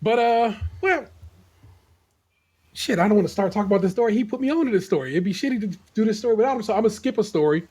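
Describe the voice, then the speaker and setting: Joking podcast host, slightly high voice. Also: male voice, animated, a little mellow, husky. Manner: loose, joking, quick asides with laughs. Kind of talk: casual podcast banter. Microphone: remote call.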